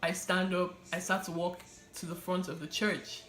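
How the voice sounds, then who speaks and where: A woman's voice: lowish voice, normal speed, soft background music. Young woman telling her testimony, echoey room. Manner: animated, laughs often, many fillers. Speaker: vlogger sharing her testimony. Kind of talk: casual personal storytelling.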